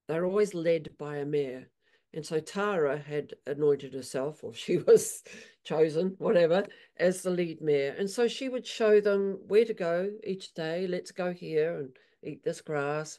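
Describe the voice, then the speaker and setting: A woman equine therapist telling animated stories in an interview, acting out her horses' voices. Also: low-pitched. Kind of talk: storytelling in an interview.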